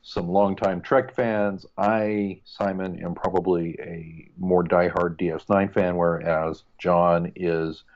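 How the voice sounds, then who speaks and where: A man's voice: low-pitched, level tone, takes it slowly, hardly any pauses, muffled recording. A man co-hosting a casual podcast, chatty and joking with playful asides. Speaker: podcast co-host. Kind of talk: casual chat.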